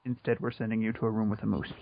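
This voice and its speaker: A man's voice: fairly low pitch, little pitch movement, rapid-fire, vocal fry, a crowd in the background. A man joking dryly as co-host of a casual podcast chat. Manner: dry, joking. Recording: dull, dry lo-fi audio.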